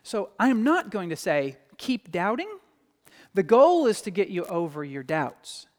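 A man preaching a sermon in a church, animated and acting out quoted voices. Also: high-pitched, moderate pace. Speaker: pastor. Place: church sanctuary. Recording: long hall reverb.

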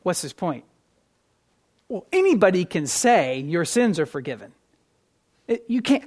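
A pastor preaching a sermon to a congregation, swinging between loud stressed phrases and quiet asides, and often repeating words when restarting a thought. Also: medium pitch, very animated, measured pace, long pauses, husky.

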